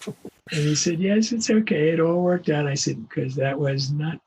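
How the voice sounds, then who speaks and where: An older male voice actor telling animated anecdotes in an interview, acting out the voices of the people he quotes. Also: fairly high pitch, a little slow, a little hiss or hum. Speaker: guest voice actor. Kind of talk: storytelling interview.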